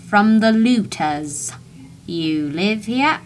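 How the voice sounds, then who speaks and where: A woman voicing armed male guards with South African-sounding accents, speaking in a low, clipped, cautioning way. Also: animated, drawn-out words, soft background music. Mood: wary.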